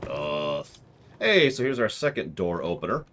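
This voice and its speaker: Lively, joking male game streamer. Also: deep voice, measured pace, noisy background. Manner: joking, rambling riffs on game lore. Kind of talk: casual gaming stream chat.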